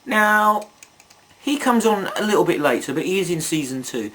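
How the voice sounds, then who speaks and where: A man's voice: high voice, lively intonation, moderate pace, fairly bright tone, a little hiss or hum. A man reviewing toys in a casual video, rambling and chatty, full of asides and self-mocking jokes. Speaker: toy reviewer.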